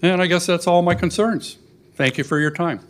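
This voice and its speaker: A man's voice: high-pitched, slight background noise. Earnest older man at public meeting. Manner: earnest, halting, emotional. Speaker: resident giving public comment. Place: city council chamber.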